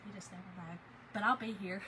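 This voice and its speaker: A woman's voice: medium pitch, fairly even intonation, fast talker, pushed and bright, a little hiss or hum, rough recording. Shaken woman confiding to viewers. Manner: emotional, confiding, says "y'all" often. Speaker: livestream host. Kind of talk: casual livestream chat.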